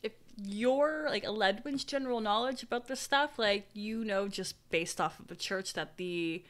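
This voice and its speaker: A woman's voice: mid-range voice, a little slow. A woman narrating a tabletop role-playing game as game master, laughing often in a casual way.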